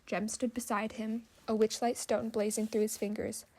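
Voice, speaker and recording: A woman narrating an audiobook in measured, scripted storytelling. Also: fairly high pitch, level tone, a little mellow.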